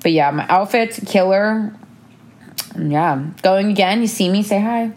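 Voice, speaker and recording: A woman's voice: mid-range voice, unhurried, darkish tone, a little hiss or hum. A young woman chatting casually with a friend, bubbly and full of "like". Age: young adult. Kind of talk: casual chat recapping the year.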